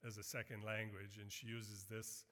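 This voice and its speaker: A middle-aged man preaching a sermon as a missionary, earnest and building to emphatic, animated quotes. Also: on the low side, normal speed. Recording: long hall reverb.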